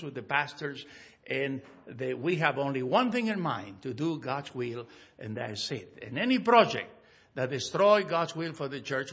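A man giving church announcements in a halting way with many fillers, telling stories with animation. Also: medium pitch, a bit bright, slightly rough, dull audio. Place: church sanctuary.

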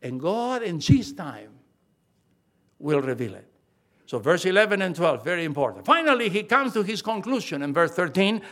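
A man's voice: high-pitched, sing-song, moderate pace, fairly bright tone. An older man preaching a sermon, talking emphatically, repeating key phrases and often restarting his sentences.

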